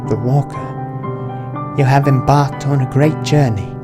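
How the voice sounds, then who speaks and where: A man voicing a mysterious fortune teller with second sight, speaking slowly in a hushed, ominous way. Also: mid-range voice, steady tone, voice pushed up, lightly acted. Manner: slow, hushed, ominous delivery. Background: game music.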